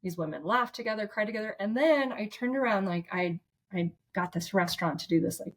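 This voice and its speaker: A woman's voice: medium pitch, expressive, brisk. A woman therapist, a podcast guest, telling a story casually and from the heart, with lots of "like" and restarts.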